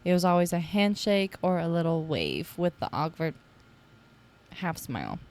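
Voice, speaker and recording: Chatty young woman with a lowish voice. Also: huge pitch swings, normal speed, darkish tone, slight background noise. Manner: chatty and playful, with many fillers like "like"; teasing, jokey asides. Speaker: podcast host. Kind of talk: casual solo podcast chat.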